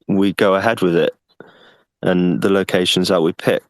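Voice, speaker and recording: A man's voice: deep voice, fairly even intonation, moderate pace, dry recording. A man answering questions on an online call, earnest and often repeating words as he thinks. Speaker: guest representing a project.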